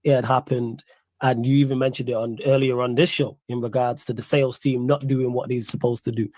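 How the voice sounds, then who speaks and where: A man's voice: medium pitch, flat delivery, a little fast, warm tone, no echo. A man, chatting casually as co-host and backing up the story with short slangy reactions. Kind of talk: casual chat.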